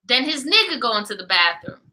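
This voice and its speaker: A woman's voice: fairly high pitch, low-quality recording. A young woman co-hosting a podcast, telling a story in casual, profane chat and acting out what people said. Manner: animated, profane, quotes people in rapid back-and-forth. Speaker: podcast co-host.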